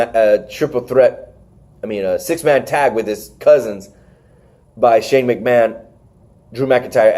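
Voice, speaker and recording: A man hosting a casual wrestling review podcast, recapping matches with animated retellings and acted-out lines. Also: mid-range voice. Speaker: podcast host.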